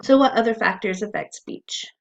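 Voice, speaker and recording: A woman's voice: on the high side, normal speed. A woman teaching a recorded writing class, explaining in a friendly way with frequent ums, on a dull lo-fi recording.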